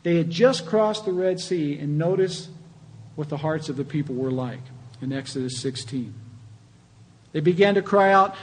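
A man's voice: fairly high pitch, animated, normal speed, pauses often, low-quality recording. A man preaching a sermon as pastor, earnest and conversational, rising in emphasis on key points.

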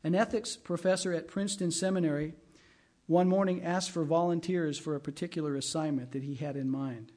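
A man's voice: fairly high pitch, steady tone, brisk, a little mellow. A middle-aged man, a pastor, giving a sermon in a conversational way and weaving in personal stories. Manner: conversational preaching with personal anecdotes.

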